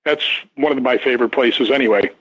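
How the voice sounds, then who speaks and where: A fast, slightly rough, mid-range voice belongs to an older stunt performer guesting on a radio talk show. He rambles through a long casual story, full of restarts and repeated words, captured in dull lo-fi radio sound.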